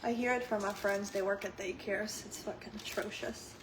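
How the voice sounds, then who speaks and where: A woman's voice: mid-range voice, steady tone, moderate pace, background noise. A young woman hosting her own channel, chatting casually with viewers in a blunt, profane way and laughing often. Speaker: channel host, mother. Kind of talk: casual chat reacting to viewers.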